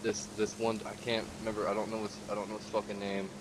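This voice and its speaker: Fast-talking profane gamer man. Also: on the low side, monotone, noisy background. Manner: profane, streetwise, acts out quotes. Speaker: gamer recounting a session. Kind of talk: casual storytelling.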